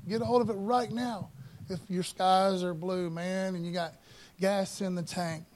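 A man preaching a sermon in a casual, conversational way, often adding "man" and "you know" and slowing down to read scripture with emphasis. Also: sits high. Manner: reads scripture slowly and emphatically. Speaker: pastor.

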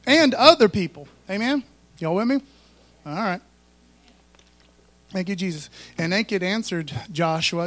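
A man's voice: high-pitched, expressive, a little slow, pauses often, fairly bright tone, no echo. A man preaching a sermon in a folksy, conversational way, full of asides to the congregation. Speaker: pastor.

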